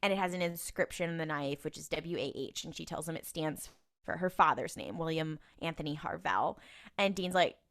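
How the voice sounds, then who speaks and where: A woman with a deep voice speaks fairly quickly as a podcast co-host, recapping episodes in casual chat. She tells the story with animation, acting out the characters' lines in quoted voices and laughing along.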